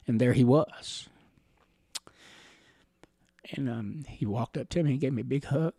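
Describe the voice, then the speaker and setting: A middle-aged man from the Catawba Nation telling personal stories in an interview, rambling gently with chuckles and fillers. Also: mid-range voice, a little slow, creaky, husky, dry recording, clean studio sound. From Catawba Nation, Carolinas, USA.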